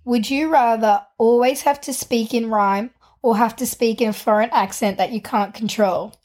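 A woman, co-hosting a casual podcast chat, jokey and quick to swear. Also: fairly high pitch, darkish tone. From Australia. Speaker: podcast co-host.

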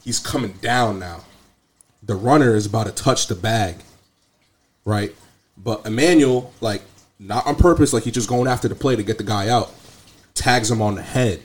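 A young man casually telling an animated, slangy story full of profanity. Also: fairly low pitch, normal speed, pauses often. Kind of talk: casual chat.

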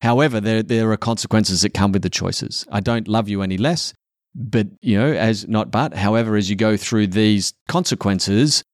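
Middle-aged guy on a podcast, low voice, earnest and sweary, dry sound. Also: moderate pace, no echo. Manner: earnest, swears often, acts out quotes in a raised voice. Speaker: podcast guest, father. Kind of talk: candid casual podcast talk.

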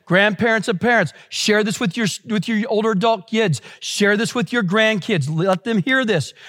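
A man with a high voice preaching a sermon. He exhorts the congregation, repeats his key phrases for emphasis and keeps asking them questions as he goes. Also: fairly bright tone. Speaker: pastor.

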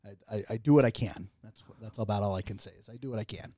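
A man's voice: lowish voice, quick pace, mellow, no echo. A man guesting on a podcast, a community theater actor talking with self-deprecating, dry humor. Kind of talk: casual chat.

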